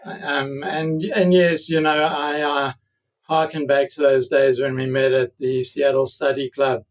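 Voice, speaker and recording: A man's voice: medium pitch, flat delivery, a little slow, distant mic, rough recording. A man with a South African accent, an orthodontist guest on a podcast, speaking reflectively with many fillers. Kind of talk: podcast interview.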